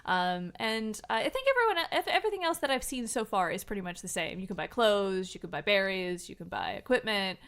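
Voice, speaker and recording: A woman co-hosting a podcast, chatting quickly about video games and laughing often. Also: medium pitch, big pitch swings, a bit bright, clear, resonant tone. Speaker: podcast co-host.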